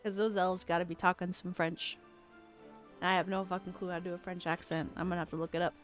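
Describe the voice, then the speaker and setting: A woman streamer chatting casually over gameplay in quiet, offhand asides. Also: on the low side, flat delivery, fast, soft background music.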